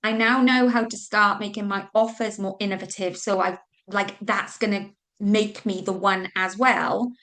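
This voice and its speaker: This is a Welsh woman coaching business owners in a live online training, her mid-range voice a bit bright, her intonation fairly even and her pace moderate. Chatty and relaxed, she leans on "like" and "okay" and lets out a mild curse if she gets flustered.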